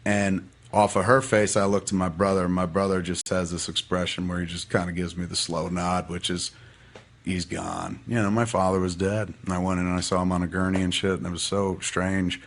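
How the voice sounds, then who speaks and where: A man's voice: sits low, fairly quick, hardly any pauses. A man telling a personal story in a casual podcast chat, swearing freely and acting out what people said. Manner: profane, animated storytelling with acted-out quotes. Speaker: podcast guest.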